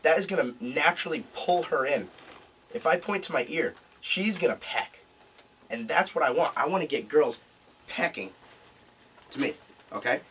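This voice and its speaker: A man's voice: fairly high pitch, animated, moderate pace, long pauses, a bit bright, slight background noise. A man teaching a live seminar to a group, emphatic and repeating key points, recorded from a distance. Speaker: seminar instructor.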